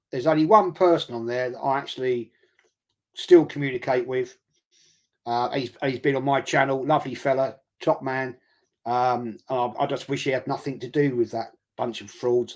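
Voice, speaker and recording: A blunt London man speaks his mind in a casual chat about football. He swears freely and slips into sarcastic mock quotes. His voice sits at an ordinary middle pitch. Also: fairly even intonation, moderate pace. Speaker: guest fan pundit.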